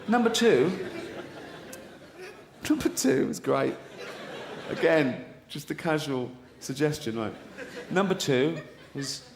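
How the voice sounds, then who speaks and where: A middle-aged man doing a stand-up routine on a theatre stage, mocking and swearing in disbelief. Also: on the high side. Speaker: stand-up comedian. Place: stage in a theatre with audience laughter. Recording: echoey live theatre with audience noise.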